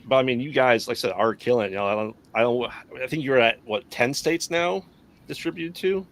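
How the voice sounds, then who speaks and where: A man's voice: medium pitch, a little fast, a bit bright, poor audio. A man co-hosting a podcast in a casual chat, enthusiastic and supportive. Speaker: podcast co-host.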